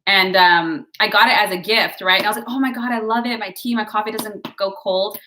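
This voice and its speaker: A woman's voice: medium pitch, fairly even intonation, fairly quick, bright, forceful tone. A woman giving a casual, chatty tarot and horoscope reading, encouraging her viewers and drifting into side stories. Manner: chatty, digressive, encouraging, addresses viewers as guys. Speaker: tarot and astrology reader.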